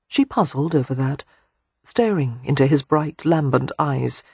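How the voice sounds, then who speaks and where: An audiobook narrator reading a romance novel in a soft, hushed, unhurried way. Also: mid-range voice, expressive, gravelly, husky, no echo.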